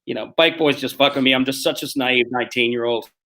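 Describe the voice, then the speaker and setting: A man in his forties, a comedian guest telling rough, profane stories on a video call and acting out the quotes. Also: medium pitch, steady tone, pushed and bright. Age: 40s. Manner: rapid, profane storytelling that acts out quotes. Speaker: guest, street performer and comedian. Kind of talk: casual podcast chat.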